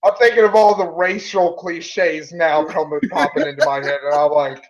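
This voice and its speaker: High-voiced angry man ranting. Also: steady tone, normal speed, muffled recording, a loud crowd. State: talking with candy in his mouth. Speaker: guest. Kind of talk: casual livestream chat.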